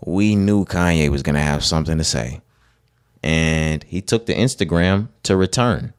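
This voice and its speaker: A young man with a deep, low-pitched voice co-hosts a podcast. He talks in a relaxed, slangy way and laughs easily. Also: clean tone. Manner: slangy, laid-back, quick to laugh. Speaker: podcast co-host. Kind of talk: casual chat.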